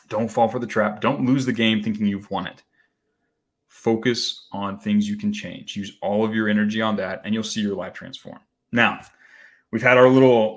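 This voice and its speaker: A man from the Rocky Mountain region of the US hosting a morning motivational call, telling a story in a conversational way with frequent asides and restarts. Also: fairly low pitch. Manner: conversational, repeats "right?", restarts phrases.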